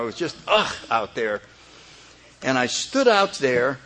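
Older male speaker, slightly high voice with a bright edge, chuckles through his own story. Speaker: recovery meeting speaker. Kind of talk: humorous personal storytelling.

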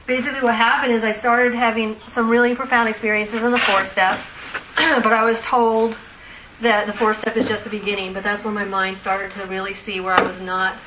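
A woman candidly sharing a personal recovery story with a group, rambling, laughing often and using many fillers. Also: mid-range voice. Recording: echoey room, distant mic, noisy.

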